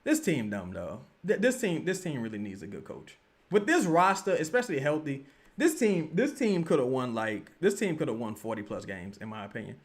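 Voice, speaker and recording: A man hosting a live watch-along stream, giving excitable, slangy commentary and yelling at his team. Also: mid-range voice, fairly quick. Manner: excitable, yells at the team, slangy trash talk. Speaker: livestream host.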